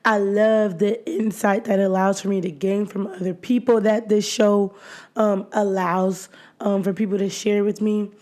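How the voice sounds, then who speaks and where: A woman hosting her own podcast in a casual solo chat, her voice hoarse and nearly gone, chatty and often laughing between phrases. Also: medium pitch, steady tone, moderate pace, darkish tone. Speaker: podcast host.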